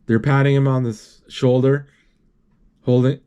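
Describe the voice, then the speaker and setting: A man retelling a film scene by scene in an unscripted, halting way, with many restarts and spoken sound effects. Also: medium pitch, flat delivery, dark tone, smooth.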